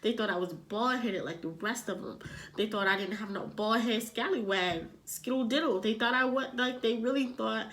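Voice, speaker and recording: A young woman tells a story to camera in a loose, chatty way, with "like" in nearly every line. Her voice sits fairly high, and her delivery is animated and conversational. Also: moderate pace. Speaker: vlogger. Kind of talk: casual storytime chat.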